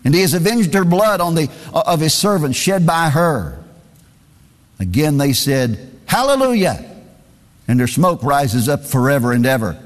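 A man's voice: fairly high pitch, moderate pace. Man preaching in a reverberant hall. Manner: reads scripture aloud, sometimes in a singsong cadence; repeats phrases for emphasis. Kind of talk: sermon.

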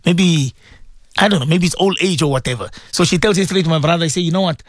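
A man's voice: a little high, quick pace, no echo. A middle-aged man, hosting a radio show in an emotional, rambling monologue that he speaks straight to his co-host and his listeners.

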